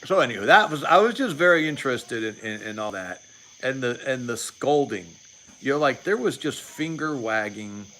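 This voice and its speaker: Delivering casual political commentary on his livestream, a man in his late forties sounds bright and forceful, with medium pitch, lively intonation, and a moderate pace. The rough recording captures his rambling, opinionated style, with frequent restarts, repeated words, and sarcasm.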